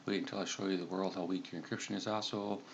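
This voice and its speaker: A man's voice: low-pitched, steady tone, racing, vocal fry, highs cut off, a little hiss or hum. A man voicing a seething male hacker who swears and rants at a screen. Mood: furious ranting. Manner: swearing, ranting.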